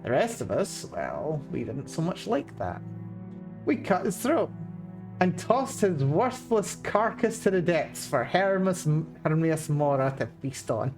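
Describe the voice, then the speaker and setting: A woman voicing a gruff, boastful old male pirate captain with a Scottish accent and rough sailor dialect, reading a journal aloud in character. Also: deep voice, big pitch swings, slow, a little mellow, soft background music, heavily acted.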